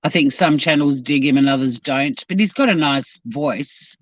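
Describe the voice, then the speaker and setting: Driving while she streams, an Australian woman reads her chat and answers in a casual, blunt, profanity-heavy way. She speaks in a low voice at normal speed over a dull, dry, lo-fi recording.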